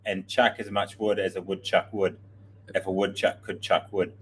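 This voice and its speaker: A man's voice: low-pitched, flat delivery, normal speed, slight background noise. A man co-hosting a casual morning livestream, laid-back, mumbling a little and chuckling at himself. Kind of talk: casual chat.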